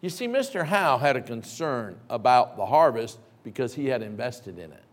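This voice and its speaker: Lively middle-aged man preaching a sermon. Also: mid-range voice, normal speed. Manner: animated, acts out voices and shouts in stories. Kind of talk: sermon with storytelling.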